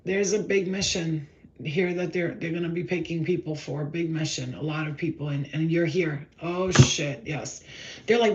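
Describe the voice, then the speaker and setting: An excited woman rambles through a live tarot reading. She swears freely and acts out her stories as she talks. The livestream audio sounds a little muffled, with a faint hiss underneath. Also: sits low, moderate pace. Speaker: spiritual tarot reader.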